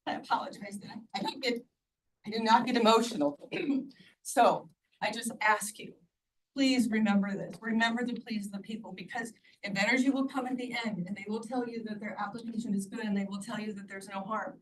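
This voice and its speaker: A woman in her sixties pleads earnestly during public testimony at a county hearing, held in a county meeting room. Her medium-pitched voice runs a little fast, recorded from a distance with faint background noise.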